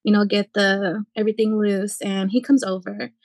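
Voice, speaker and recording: A woman's voice: mid-range voice, moderate pace, no echo. Profane woman telling shop stories. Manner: profane, animated storyteller. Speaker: podcast guest, aircraft maintainer. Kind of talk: casual podcast chat.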